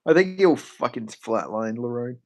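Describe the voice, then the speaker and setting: A man's voice: mid-range voice, lively intonation, normal speed. A man chatting casually on a stream. He rambles, swears freely and answers questions from chat.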